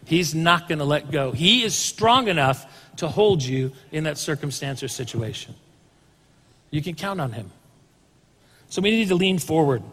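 High-voiced bright pastor preaching. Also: male voice, long reverb tail. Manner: conversational, asks the congregation questions. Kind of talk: sermon.

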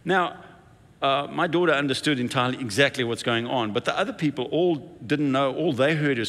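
A man's voice: mid-range voice, lively intonation, quick pace, a bit bright, long reverb tail. A man preaching a sermon as senior pastor, telling stories and acting out the quotes in playful voices. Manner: storytelling with playful acted-out quotes.

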